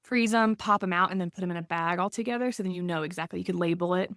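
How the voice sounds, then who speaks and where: A woman's voice: lowish voice, rapid-fire, few pauses, fairly bright tone, no room sound, studio quality. A woman co-hosting a podcast, chatting casually and rambling a little, with frequent likes and ums. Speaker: podcast co-host.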